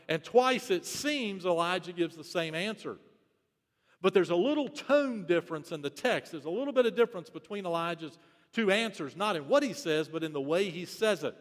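A man's voice: high-pitched, animated, normal speed. A pastor preaching a sermon in an earnest, emphatic way, repeating his key phrases. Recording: reverberant hall.

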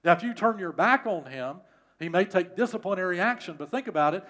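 Emphatic preacher, man, slightly high voice. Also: expressive, fairly quick, fairly bright tone. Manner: emphatic, repeats phrases for stress. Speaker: pastor. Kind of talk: sermon.

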